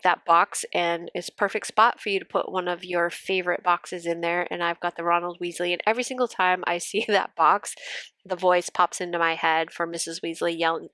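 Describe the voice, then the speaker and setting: A woman with a congested, stuffy nose talks in a chatty, rambling way, full of fillers. Her voice sits fairly low and sounds close and dry. She is middle-aged. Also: fairly bright tone, dry recording. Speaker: planner vlogger. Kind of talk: casual plan-with-me chat.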